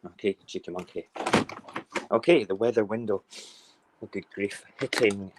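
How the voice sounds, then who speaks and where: A man chats his way through a relaxed morning live stream, rambling and playful as he talks. His voice sits a little low, and it is picked up by a phone in a home kitchen with faint noise behind it. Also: unhurried.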